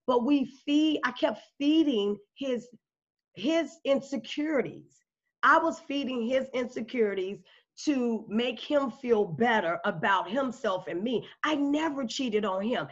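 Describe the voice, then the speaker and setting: A woman guest in a casual interview, telling her story and acting out quoted dialogue with big jumps in pitch. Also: animated, moderate pace. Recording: slightly dull lo-fi audio.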